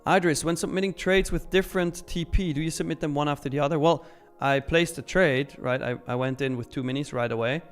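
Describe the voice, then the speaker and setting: A man's voice: on the high side, fairly quick, few pauses, clean tone, soft background music. A young man hosting a live trading stream, chatting casually and upbeat as he reads viewer comments, laughing often and using slang.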